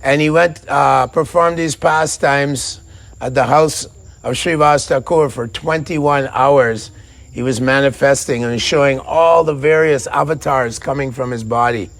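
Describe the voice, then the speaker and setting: A man giving a devotional lecture as a storytelling preacher. He is animated and often repeats himself. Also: medium pitch, unhurried, vocal fry.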